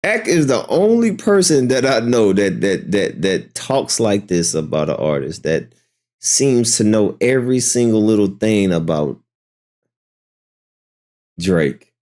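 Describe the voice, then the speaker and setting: Man, low voice, lively pitch, slow talk, mocking disbelief, casual reaction. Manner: incredulous, mocking, swears freely. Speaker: streamer reacting to a clip.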